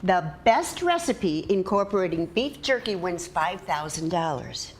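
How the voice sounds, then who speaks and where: A woman's voice: lowish voice, very animated, unhurried, slight background noise. An older woman acting a sarcastic friend with dry, teasing humor in a TV drama.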